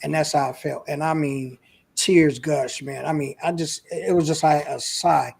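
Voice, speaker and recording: A man's voice: a little high, fairly even intonation, moderate pace, gravelly, darkish tone. A man, a guest on an interview show, earnestly telling a personal story in a casual, emotional way.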